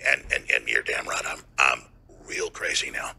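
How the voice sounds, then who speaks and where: A raspy, heavily gravelly man rants on his talk radio show, his voice tense and forceful. He swings wildly between low growls and high bursts, often breaking into shouts. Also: wildly swooping pitch, moderate pace. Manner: fiery, ranting, bursts of shouting. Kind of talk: heated talk radio monologue.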